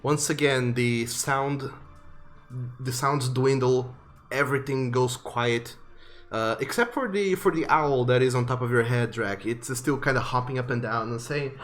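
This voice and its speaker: A man narrating a tabletop game as game master, vivid but halting, with many fillers. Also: mid-range voice, fairly bright tone, faint music behind.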